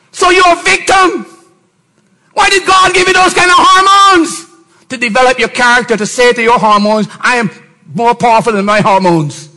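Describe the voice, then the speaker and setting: A middle-aged man, a pastor, preaching a sermon and often rising to shouted emphasis with mocking put-on voices. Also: extremely high pitch, low-quality recording.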